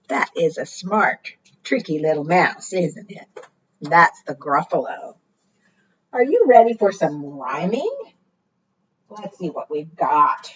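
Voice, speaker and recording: A woman librarian hosting a preschool storytime, gentle and animated for small children. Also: fairly low pitch, normal speed, lo-fi sound, slight background noise. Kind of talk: preschool storytime read-aloud.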